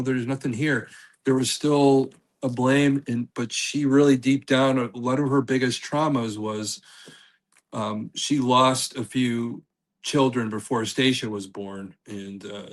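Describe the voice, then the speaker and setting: Man, mid-range voice, calm steady retelling, casual talk. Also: mid-range voice, poor audio. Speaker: paranormal investigator guest. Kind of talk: casual chat.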